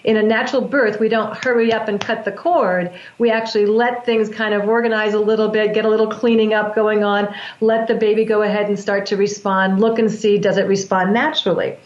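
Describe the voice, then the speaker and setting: A woman who works as a breathwork practitioner, explaining in a calm, measured way with frequent restarts. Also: mid-range voice, reverberant, lo-fi sound. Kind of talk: explanatory interview talk.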